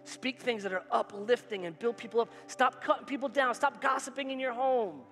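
High-voiced preaching man in echoey hall. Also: fairly quick, bright, forceful tone. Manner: emphatic, repetitive preaching with call-and-response. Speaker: pastor. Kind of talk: sermon. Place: church sanctuary. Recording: hall reverb with faint music.

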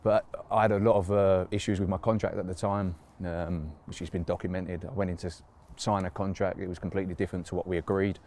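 A man's voice: low-pitched, little pitch movement, fast, few pauses, a little mellow, slight background noise. A man, a footballer reminiscing in a casual interview, rambling with lots of fillers and laughs. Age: 30s.

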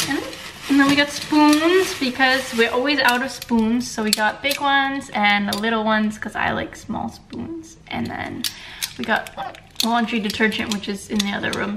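Chatty woman vlogging at home. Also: a little high. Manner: chatty, giggly, hiccuping. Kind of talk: casual home vlog. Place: home kitchen. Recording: home video with audible kitchen noise.

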